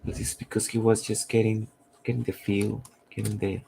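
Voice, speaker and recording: A man, a comic artist who is losing his voice, thinking aloud in halting, rambling commentary while he draws on a live stream. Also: fairly low pitch, flat delivery, vocal fry, warm tone, slight background noise.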